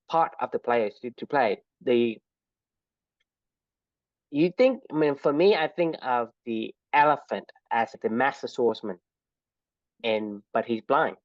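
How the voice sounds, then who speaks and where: A man's voice: mid-range voice, no room sound. Co-host guy, thoughtful, laughs a lot, mid voice, audio kinda dull and dry. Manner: reflective, laughs often. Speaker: podcast co-host. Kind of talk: casual book discussion.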